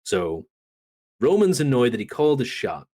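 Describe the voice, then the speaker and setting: This man co-hosts a casual wrestling podcast, animatedly recounting what happened and performing people's quotes. He talks at a normal speed in a mid-range voice.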